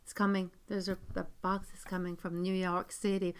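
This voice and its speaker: A woman's voice: lowish voice, little pitch movement, moderate pace, smooth. A middle-aged woman co-hosting a podcast in casual chat, playful and teasing. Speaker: podcast co-host and shop owner.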